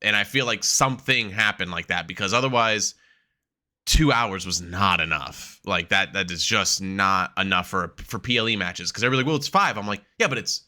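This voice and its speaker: A man's voice: low-pitched, moderate pace, bright, forceful tone. A man co-hosting a wrestling podcast, chatting casually, swearing freely and laughing often as he acts out quotes. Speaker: podcast co-host.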